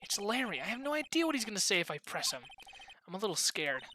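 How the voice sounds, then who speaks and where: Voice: mid-range voice, very animated, fast, sharp tone, slight background noise. A streamer voicing a nervous, easily exasperated young male defense lawyer.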